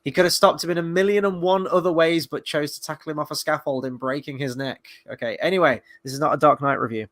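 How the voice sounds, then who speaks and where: A man's voice: a little high, fairly even intonation, fast, hardly any pauses, fairly bright tone. A man hosting a casual show review, rambling with lots of fillers and the odd swear word. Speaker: podcast host.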